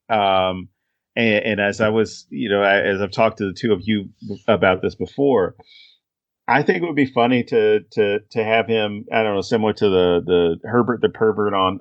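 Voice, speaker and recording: A man co-hosting a casual podcast, talking in halting, restarting sentences with his pitch rising and falling. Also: dry recording, muffled recording. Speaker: podcast co-host.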